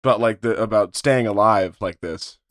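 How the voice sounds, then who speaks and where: A man's voice: on the low side, normal speed, fairly bright tone, dry recording, clean studio sound. A man playing a tabletop game with friends, teasing and laughing often in rambling casual talk. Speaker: player.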